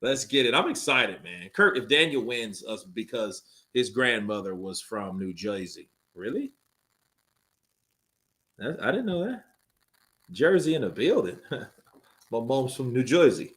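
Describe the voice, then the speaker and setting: Young man, live stream host, excitable, lively pitch, bright tone. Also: unhurried. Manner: hyped, animated, laughs often. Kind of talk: excited live watch-along commentary.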